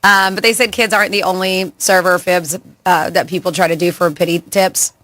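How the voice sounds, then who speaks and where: A woman's voice: on the low side, steady tone, brisk, fairly bright tone. A woman co-hosting a radio show, chatting casually and laughing often as she reads listener messages. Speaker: radio co-host.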